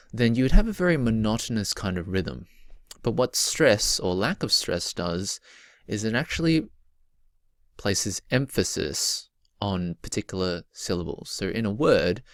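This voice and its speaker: A man teaching a recorded poetry lesson, explaining patiently and stretching out example words slowly. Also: deep voice, no room sound, clean studio sound.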